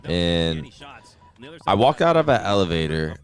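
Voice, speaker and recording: A man with a very low voice hosts a stream. He chats casually and tells loose, profane stories. He acts out other people's lines as he goes. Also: very animated, a little slow. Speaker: streamer host. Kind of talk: casual chat, telling stories.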